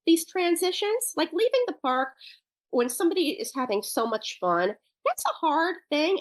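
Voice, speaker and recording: A woman's voice: fairly high pitch, dry recording. A woman guest on a parenting podcast interview, explaining her work with parents in a thoughtful, loosely rambling way with restarts. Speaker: guest who works with parents.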